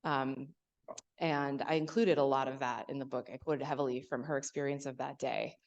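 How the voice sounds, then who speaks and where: Low-voiced woman author telling stories. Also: steady tone, normal speed, muffled recording. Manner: hesitant, many fillers and restarts, storytelling. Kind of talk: author talk at a library event.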